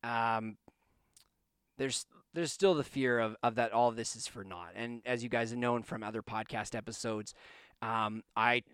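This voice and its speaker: Guy doing a solo podcast from his basement, hiccuping and coughing, smooth clear voice, super dry close sound, rambly and earnest. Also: mid-range voice, steady tone, moderate pace, fairly bright tone, no room sound. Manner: rambling, earnest, with frequent restarts. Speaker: podcast host. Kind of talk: casual solo podcast monologue. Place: home basement studio.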